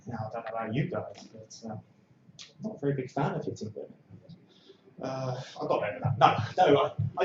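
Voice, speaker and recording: A man performing a stand-up comedy set on an open stage, talking casually and breaking into shouted bursts when he acts out scenes. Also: on the high side, echoey room, muffled recording, a little hiss or hum. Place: small comedy club stage.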